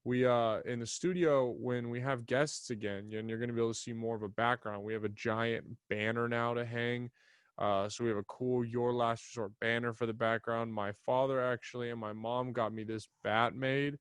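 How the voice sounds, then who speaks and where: A young man rambling through a solo podcast segment in a relaxed, profane, offhand way. His voice sits at an ordinary middle pitch and sounds dry and close, with hardly any room around it. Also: moderate pace, smooth, no echo. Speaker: podcast host. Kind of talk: casual solo podcast chat. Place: small home studio. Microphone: desk mic in front of a camera.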